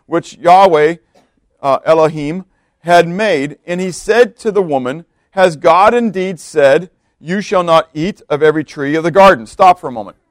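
A pastor with a slightly high voice preaches at a moderate pace, conversational in style, reading scripture and frequently turning to his listeners with rhetorical questions. Dry recording, clean studio sound.

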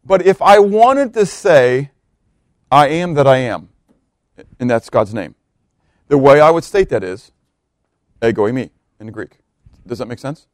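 A man preaching a verse-by-verse sermon, reading scripture aloud, swelling on key words and dropping low, often asking his listeners questions. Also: expressive, unhurried, long pauses, no room sound, clean studio sound. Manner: emphatic, swells on key words then drops low, asks the congregation questions. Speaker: pastor.

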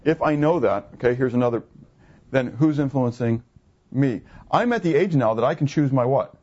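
A man's voice: mid-range voice, expressive, moderate pace, darkish tone. Man in his fifties preaching, muffled. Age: 50s. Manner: conversational preaching with rhetorical questions. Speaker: pastor. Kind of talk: sermon. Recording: muffled, lo-fi recording.

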